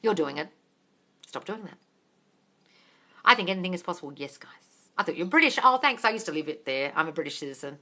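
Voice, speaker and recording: A woman's voice: lowish voice, expressive, fast, long pauses, bright, forceful tone. A woman from Australia who hosts a casual live-stream Q&A, reading out viewers' comments and answering them bluntly, with plenty of swearing. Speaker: manifestation coach answering live questions. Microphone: phone.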